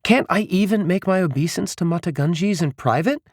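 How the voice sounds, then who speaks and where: A man's voice: high voice, normal speed, no room sound, clean studio sound, pitched above the performer's own voice. A man reading an audiobook, voicing a playful, cheeky young woman in a lighter, raised voice. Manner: breezy and teasing.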